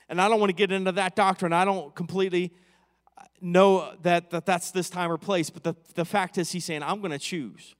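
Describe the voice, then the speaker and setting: A man preaches to his congregation, reading scripture slowly and then pressing his points with growing fervor. His voice sits a little high for a man. The sound rings with the long reverb of a church hall. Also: fairly even intonation. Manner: reads verses slowly, then preaches with rising loudness.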